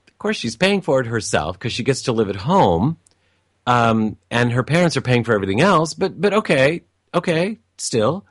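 A man's voice: mid-range voice, big pitch swings, moderate pace, dry recording, clean studio sound. A man telling a personal family story in a reflective, meandering way, with frequent restarts and asides.

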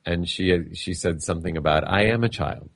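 A man with a non-native accent hosting a studio talk show, playful, halting, with many restarts and laughs. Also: sits low. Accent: non-native English accent. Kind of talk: casual studio chat.

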